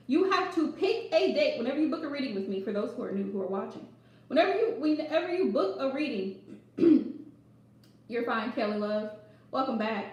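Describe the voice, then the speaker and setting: Woman tarot reader, high voice, sarcastic livestream chatter, mic set back in a very echoey room. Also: animated, moderate pace, darkish tone. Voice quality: sarcastic, laughing often. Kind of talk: casual livestream chat.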